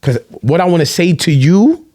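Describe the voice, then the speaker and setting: A man in casual chat, telling animated stories in streetwise slang and swearing freely. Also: fairly high pitch, normal speed, no echo. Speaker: podcast guest, vlogger.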